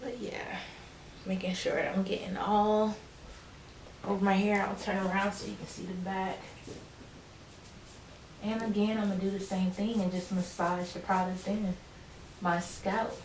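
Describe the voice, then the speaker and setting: A woman's voice: medium pitch, little pitch movement, a little slow, pauses often, slight background noise. Chatty woman vlogger in a roomy room. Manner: chatty and encouraging, talks to viewers directly. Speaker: beauty vlogger. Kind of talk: casual how-to chat.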